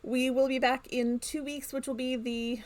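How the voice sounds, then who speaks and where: A woman's voice: high-pitched, flat delivery, normal speed, darkish tone. A woman co-hosting a live stream from home, laughing easily as she wraps up the show. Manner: giggly, closes the show. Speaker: co-host. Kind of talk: casual chat on a live stream.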